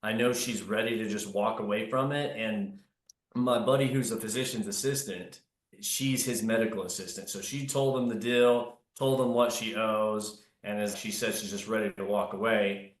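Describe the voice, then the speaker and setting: A man's voice: fairly low pitch, fairly even intonation, normal speed. Easygoing man. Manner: easygoing, affirming, thinks aloud. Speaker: guest, real estate investor. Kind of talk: casual chat. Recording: echoey room.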